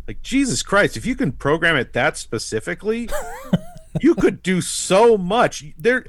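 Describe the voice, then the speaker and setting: Man, podcast co-host, lively swooping pitch, sarcastic, laughs a lot, dry close sound. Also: a little slow, no echo. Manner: animated, sarcastic, laughs often. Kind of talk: casual podcast chat.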